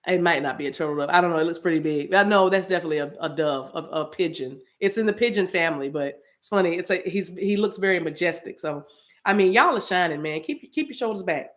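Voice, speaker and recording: A woman's voice: lowish voice, fast, a bit bright. A woman hosting her own livestream, signing off to her viewers in a rambling, affectionate way that repeats phrases. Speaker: channel host. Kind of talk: casual livestream sign-off.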